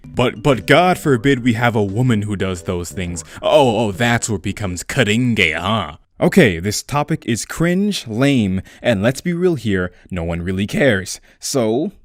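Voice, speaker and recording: A man's voice: fairly low pitch, dry recording, studio quality. A young man hosting a comedic game retrospective, with a sarcastic, irreverent and profane manner. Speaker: video essay host.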